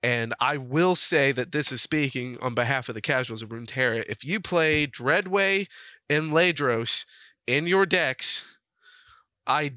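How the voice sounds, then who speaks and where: Bright-voiced joking podcast man. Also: medium pitch, dry recording, muffled recording. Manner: brisk, joking, teasing. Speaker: podcast co-host. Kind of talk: casual podcast chat.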